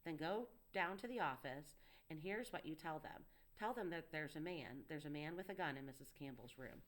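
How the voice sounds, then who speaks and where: Young male tutor, coaxing and urgent, read by a woman in a low voice. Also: expressive, moderate pace. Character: young male student tutor, earnest, protective. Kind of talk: audiobook dialogue reading.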